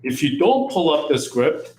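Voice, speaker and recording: A man's voice: a little high, sing-song, normal speed, darkish tone, roomy sound, slight background noise, low-quality recording. A man working as a sales agent who explains at length and often ends points with "right?". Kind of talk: team meeting discussion.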